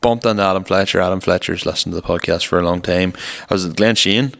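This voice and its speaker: Man, young adult, casual podcast chat, very deep, reverberant room. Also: fast talker, creaky, fairly bright tone. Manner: rambling storytelling with swearing. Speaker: podcast co-host.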